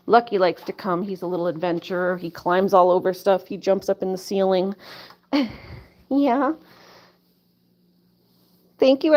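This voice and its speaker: A woman's voice: mid-range voice, darkish tone. A woman hosting a casual live stream from home, chatting with viewers in a rambling way full of "like" and little laughs. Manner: chatty, lots of "like" and laughs, coos to pets. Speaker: livestream host. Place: home, indoors. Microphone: phone or webcam camera.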